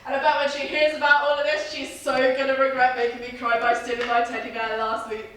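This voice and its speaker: Woman as a bratty, bright-voiced pirate villain for a stage panto, echoey hall. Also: sits high, flat delivery, fast, a little hiss or hum. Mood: boastful. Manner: swaggering, shouting, sneering. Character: boastful childish villainous pirate captain. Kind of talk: stage pantomime acting and song. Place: theatre stage. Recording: echoey hall from far off, with music.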